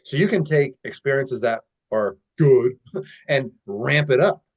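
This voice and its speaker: Relaxed, filler-heavy male coach. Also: medium pitch, a little slow. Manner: relaxed storytelling with many fillers. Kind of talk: casual teaching talk.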